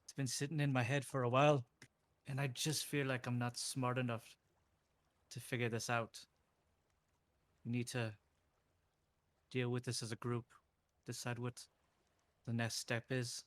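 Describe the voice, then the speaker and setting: A man's voice: mid-range voice, level tone, measured pace, long pauses, natural voice. A man playing a plain-spoken male adventurer who keeps calling people laddie. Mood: weary.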